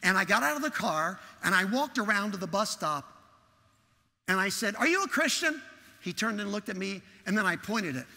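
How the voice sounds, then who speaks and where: A man's voice: high-pitched, animated, normal speed, creaky, sharp tone. A man preaching a sermon in church, telling a story and acting out its dialogue with animation. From Texas. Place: large church sanctuary. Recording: long hall reverb.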